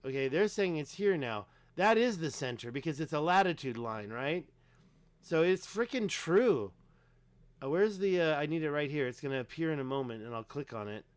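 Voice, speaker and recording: A man's voice: a little high, lively intonation, fairly quick, few pauses, smooth, no room sound. A man hosting a casual livestream, talking emphatically and rambling with lots of fillers while clicking through pages. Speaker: livestream host.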